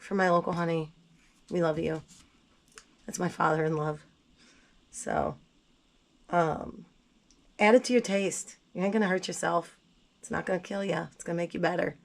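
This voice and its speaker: A woman with a cold making tea in her home kitchen, talking casually and bluntly to the camera with self-mocking asides. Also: mid-range voice. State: sick, voice not at its best. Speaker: gardening vlogger. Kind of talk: casual kitchen how-to chat.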